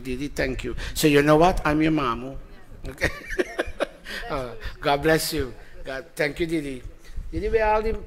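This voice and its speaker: Man, temple leader, bright forceful tone, playful teasing sermon style. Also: on the high side. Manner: animated, playful, calls people up by name. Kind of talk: informal sermon to congregation. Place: temple hall before congregation.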